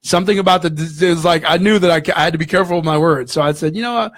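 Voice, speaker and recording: A man, a guest in an interview, telling a story in an animated way and acting out the voices in it. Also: on the high side, racing. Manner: animated, acts out dialogue in the story.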